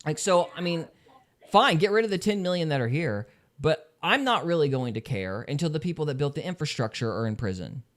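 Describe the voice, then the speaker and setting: Animated man ranting on a podcast. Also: a little high, a little fast. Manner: animated, laughing, ranting in bursts. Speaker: podcast co-host. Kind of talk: casual podcast discussion.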